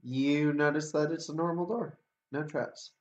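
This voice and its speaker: A man running a tabletop game as dungeon master, talking in an unhurried, halting way with plenty of uhs. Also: on the high side, fairly even intonation. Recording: dull lo-fi audio.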